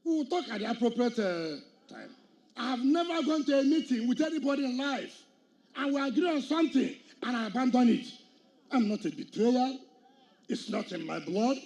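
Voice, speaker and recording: Nigerian guy speechifying, really high voice but dark mellow tone, middle-aged, keeps challenging the crowd. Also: lively intonation, moderate pace, dull audio. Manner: combative, challenging, rhetorical questions to the crowd. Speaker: state governor. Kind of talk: public political speech. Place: outdoor public event.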